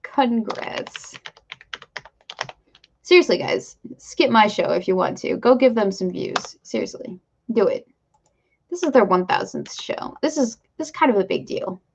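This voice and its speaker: A woman hosting a live stream in a loose, rambling way, dropping self-deprecating asides as she goes. Her voice carries a gravelly fry. The audio is a bit dull and lo-fi, like a basic home stream mic. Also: medium pitch, animated, unhurried, slight background noise. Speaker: streamer host. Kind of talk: casual live-stream chat.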